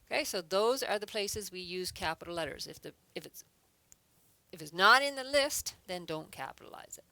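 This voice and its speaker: A woman teaching a grammar lesson, explaining patiently one step at a time. Her voice is bright and sits a little low, and the sound is close and dry, with no room around it. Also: expressive, normal speed, no room sound. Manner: checks in with frequent "okay". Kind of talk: recorded adult English lesson.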